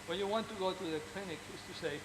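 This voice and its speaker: Earnest man, higher-pitched voice. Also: fast talker, background noise. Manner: earnest and encouraging, with frequent restarts and repeated words. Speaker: orthopedic surgeon. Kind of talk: speaking to fellow doctors.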